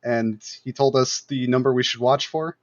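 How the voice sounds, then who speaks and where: A man's voice: medium pitch, fairly even intonation, moderate pace, lo-fi sound. A man speaking as a pilot guest over voice chat, hesitant with many fillers. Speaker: pilot guest in a game community. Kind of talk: casual voice chat.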